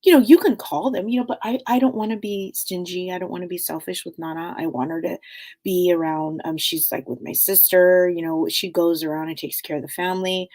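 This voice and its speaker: A middle-aged woman hosting a spiritual talk show, speaking in a meandering, casual way full of fillers, often sinking to a soft hush. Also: on the low side, steady tone, brisk.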